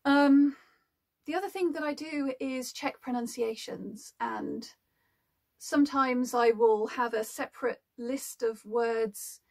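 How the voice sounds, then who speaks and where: Chatty woman with a gravelly edge. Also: on the high side, a little mellow. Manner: chatty and thoughtful, with frequent ums. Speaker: audiobook narrator. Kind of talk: casual explanatory talk to camera.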